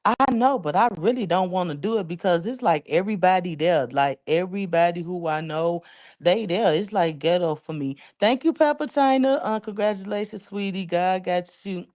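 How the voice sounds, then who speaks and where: On a casual livestream, a Chicago-area woman rambles emotionally and thanks her viewers by name. Her voice sits fairly low, a little mellow, at a normal speed.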